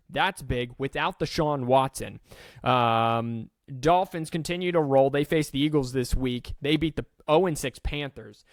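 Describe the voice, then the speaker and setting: A man hosting a sports podcast, rattling off scores quickly with joking, self-aware asides. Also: a little high, no echo, clean studio sound. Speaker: podcast host. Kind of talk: casual sports recap.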